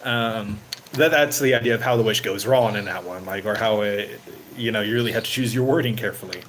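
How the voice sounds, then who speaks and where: A man's voice: fairly low pitch, a little fast, a bit bright, a little hiss or hum, rough recording. Rambling man chatting casually to viewers. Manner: rambling, full of "you know" fillers. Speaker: channel host. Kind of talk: casual livestream chat.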